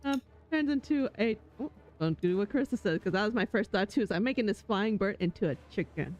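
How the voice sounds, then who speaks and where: A tabletop game player chatting casually, excitable and quick to laugh. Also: medium pitch.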